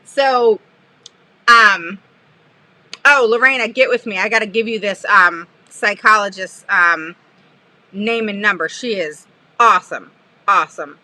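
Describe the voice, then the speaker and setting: A woman special education advocate chatting on a live stream, telling an animated, sarcastic story with frequent laughter. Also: mid-range voice, unhurried, long pauses, dry recording, rough recording. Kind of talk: casual live-stream chat.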